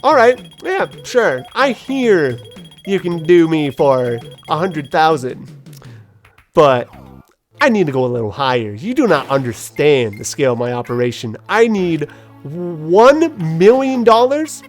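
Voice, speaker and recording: A woman's voice: sits low, very animated, a little slow, soft background music. A woman voicing a male coworker who acts like a swaggering big-shot businessman, retold in a gaming video.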